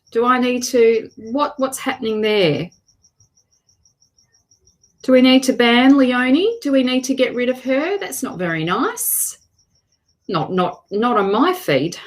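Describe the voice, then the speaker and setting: A woman, hosting a tarot livestream and chatting casually as she greets viewers by name, with frequent restarts. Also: on the high side.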